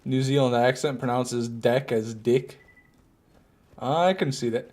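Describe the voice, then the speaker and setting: A man's voice: medium pitch, unhurried, a little mellow. Casual joking male game streamer. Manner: rambling, joking, answers chat questions, swears. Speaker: gaming streamer. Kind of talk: casual live gameplay commentary.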